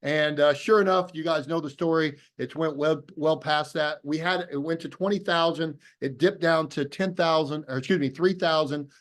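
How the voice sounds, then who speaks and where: A man's voice: on the high side, fairly even intonation, normal speed, hardly any pauses. A middle-aged man telling a personal story on a video call, acting out both sides of old phone calls. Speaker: speaker telling his story.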